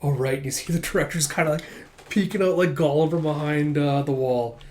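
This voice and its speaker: A man recaps a comic chapter in casual, chatty commentary, full of fillers and laughs. His voice is fairly high and a little mellow, and he talks briskly.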